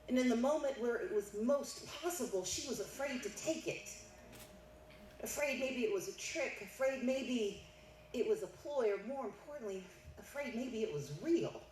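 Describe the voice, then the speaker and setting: A woman's voice: a little high, a little mellow. A middle-aged woman giving a keynote speech at a banquet, telling a family story and building to emphatic declarations. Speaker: keynote speaker. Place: banquet hall. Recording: echoey hall, mic heard from a distance, faint noise.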